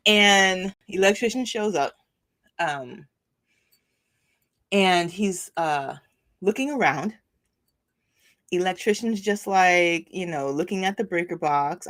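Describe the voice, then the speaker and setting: A middle-aged woman, a spiritual coach, telling a rambling, animated story on her weekly livestream, full of fillers. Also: on the low side.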